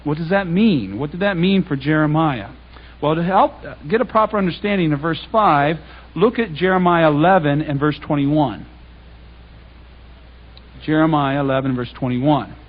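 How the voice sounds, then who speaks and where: A man giving a talk to a congregation, animated and conversational, retelling scripture in everyday speech. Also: on the high side, normal speed. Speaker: public speaker. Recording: dull lo-fi recording.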